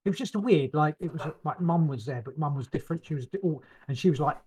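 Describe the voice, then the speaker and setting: A man's voice: on the high side, quick pace, mellow, husky. A man co-hosting a podcast in casual chat, talking loosely with lots of fillers and blunt swearing. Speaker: podcast co-host.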